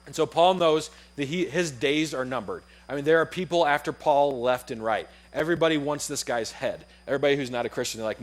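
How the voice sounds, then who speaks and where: A young adult man preaching a sermon to his church, telling a story with acted-out dialogue in a lively, conversational way. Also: fairly high pitch, fast, hardly any pauses. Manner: animated storytelling, acts out dialogue. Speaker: pastor. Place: church auditorium.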